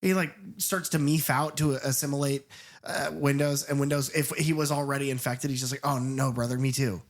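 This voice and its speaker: A woman's voice: deep voice, steady tone, brisk. A woman co-hosting a film podcast, talking casually and animatedly, swearing often, laughing and acting out lines from the movie. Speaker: podcast co-host.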